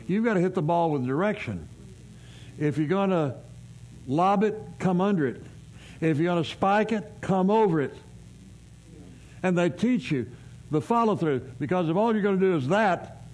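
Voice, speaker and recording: A man's voice: a little high, a little mellow. A man preaching a sermon as pastor, folksy and conversational, telling everyday stories and asking rhetorical questions.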